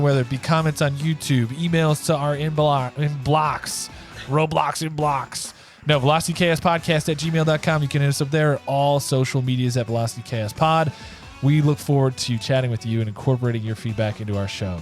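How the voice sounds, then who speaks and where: A man co-hosting a podcast in casual chat, loose and talkative, drawing out his sign-off. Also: a little high. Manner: chatty, loose, sign-off drawn out slowly. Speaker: podcast co-host.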